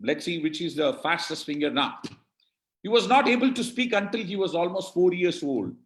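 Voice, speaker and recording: A motivational speaker with an Indian English accent addresses an online audience in a high-pitched, fairly bright voice with lively intonation at normal speed, in a reverberant space. Emphatic and rhetorical, he quizzes listeners and calls out who answered correctly.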